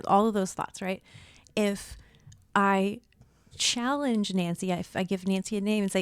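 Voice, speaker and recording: A woman's voice: medium pitch, fairly even intonation, measured pace, clear, resonant tone, dry recording. Candid woman podcast co-host, dry sound. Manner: candid, swears casually, acts out inner voices. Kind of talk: casual chat.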